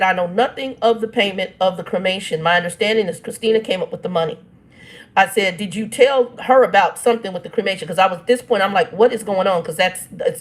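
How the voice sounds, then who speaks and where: A woman, telling a family dispute in a casual vlog. She reads text messages aloud and breaks in with blunt, irritated asides. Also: on the low side. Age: 50s. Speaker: channel host.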